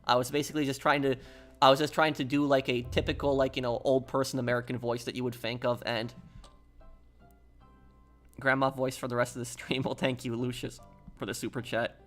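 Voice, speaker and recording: A man chats casually on a live game stream, rambling and circling back over his own words. His voice sits at an ordinary pitch. Soft music plays faintly underneath. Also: little pitch movement, brisk. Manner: rambling, repeats himself, chatty. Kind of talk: casual live-stream chat while gaming.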